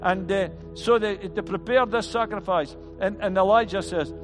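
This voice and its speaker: A man's voice: high-pitched, normal speed, in a large hall. A male pastor preaching an earnest sermon, often stumbling and restarting his words. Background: band music.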